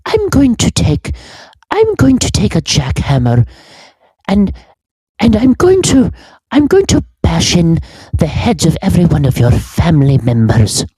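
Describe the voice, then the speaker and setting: A man putting on the voice of a prim elderly British schoolmistress, delivering drawn-out, sweetly scolding insults. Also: sits high, huge pitch swings, dark tone, husky, dry recording, voice pushed up, heavily acted. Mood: sweetly menacing.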